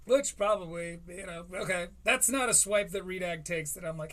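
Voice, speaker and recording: A man's voice: high-pitched, normal speed, few pauses, pushed and bright. A man in his thirties hosting a reaction commentary, rambling, swearing and laughing through asides. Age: 30s. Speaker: commentary host.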